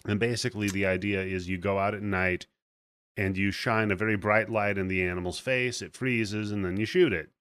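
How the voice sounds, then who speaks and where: A man hosts a casual film podcast, walking through the plot with animated, profanity-laced retelling. His voice sits on the low side. The sound is dry and close. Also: fairly quick, smooth, no room sound. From United States. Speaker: podcast host. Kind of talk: casual movie-review chat.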